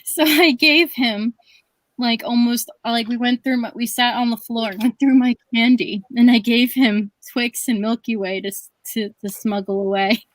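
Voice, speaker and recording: A woman's voice: a little high, steady tone, moderate pace, low-quality recording. Rambling woman telling a story. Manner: rambling with restarts and laughs. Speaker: stream co-host. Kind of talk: casual storytelling chat.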